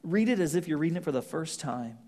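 A man preaching a sermon, swinging from loud emphatic scripture reading to hushed, almost whispered lines. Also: fairly high pitch, animated, quick pace. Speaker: pastor.

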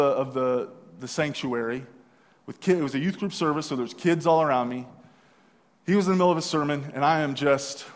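A young man sharing a personal testimony, telling it in an earnest, halting way with many restarts. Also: fairly high pitch, big-room sound. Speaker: speaker sharing his testimony.

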